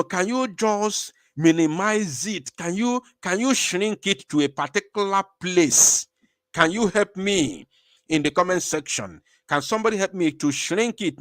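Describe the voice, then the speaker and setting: A man's voice: sits high, no echo, studio quality. A man hosting a live-stream commentary, rambling and talking straight to his viewers. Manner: animated, rambling, speaks to viewers. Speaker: online show host.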